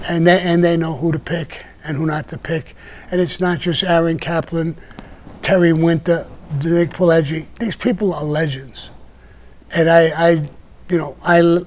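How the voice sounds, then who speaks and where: Older male guest, Brooklyn accent, meandering raconteur, slightly higher-pitched voice. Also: a little mellow. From Brooklyn, New York. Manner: rambling, with many restarts and "you know". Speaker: podcast guest telling stories. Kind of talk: casual storytelling chat.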